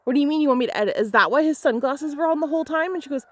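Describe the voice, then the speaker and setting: A woman's voice: high-pitched, racing, no echo. A young adult woman photographer retelling a client story in an angry storytime vlog, heated, emphatic and profane.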